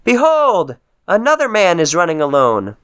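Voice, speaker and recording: A man's voice: on the high side, sing-song, normal speed, fairly bright tone, clear, resonant tone, pitched above the performer's own voice. A man reading aloud, voicing a male watchman calling out from a wall in an alert way.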